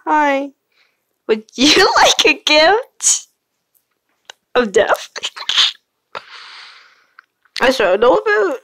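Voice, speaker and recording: A woman with a fairly high, creaky voice hosts a casual vlog captured through her phone's screen recorder, and the sound is dry. Reacting to fan art on her channel, she gets exasperated, swearing and laughing as she goes.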